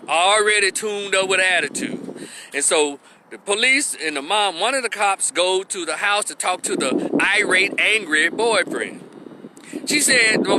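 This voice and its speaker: A man's voice: sits high, moderate pace, very noisy. A man telling a story in a casual vlog, talking animatedly and swearing freely. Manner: animated, profane, chatty. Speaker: vlogger.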